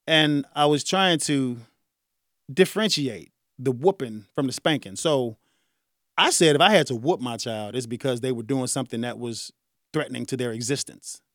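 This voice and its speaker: A man in his forties hosting a radio talk show, speaking in a casual, animated way with frequent chuckles. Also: mid-range voice, moderate pace, dry recording, clean studio sound. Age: 40s. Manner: animated, conversational, chuckles often. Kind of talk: solo talk radio monologue.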